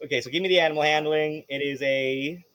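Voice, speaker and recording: A man's voice: on the high side, steady tone, quick pace, fairly bright tone, smooth, dry recording. A man narrating as game master of a tabletop game, playful, laughing often and swearing casually.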